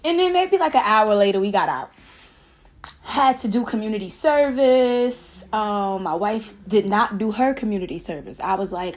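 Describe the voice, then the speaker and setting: A woman in her late twenties, a podcast host, telling a story in a casual, profane, animated way and laughing often. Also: mid-range voice, moderate pace.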